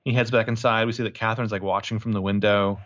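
A man's voice: on the low side, steady tone, fast, a bit bright. Joking man with a dull, lo-fi sound. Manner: crude, joking, rambling with many fillers. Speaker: podcast co-host. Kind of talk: casual movie recap chat.

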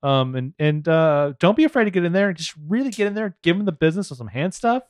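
Animated, sarcastic man on a podcast. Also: on the high side, fast, no echo. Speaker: podcast co-host. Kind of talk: casual TV recap chat.

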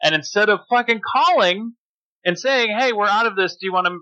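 A man's voice: sits high, a little fast, bright, forceful tone, highs cut off. A middle-aged man co-hosting a podcast, telling a heated story with lots of swearing in casual chat. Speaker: podcast co-host.

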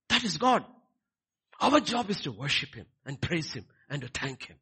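A man preaching a sermon, swinging between quiet lines and loud, emphatic ones. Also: on the high side, big pitch swings, normal speed, breathy edge. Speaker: pastor.

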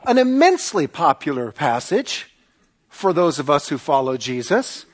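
A man preaching a sermon to a congregation, animated and acting out the voices he quotes. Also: on the high side, normal speed. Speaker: pastor.

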